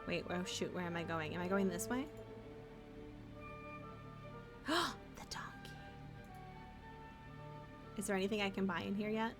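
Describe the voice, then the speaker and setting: A young woman streams a video game and casually chats, playful and talkative, addressing her chat and pets as casual gameplay commentary. Her mid-range voice moves at a moderate pace over loud music.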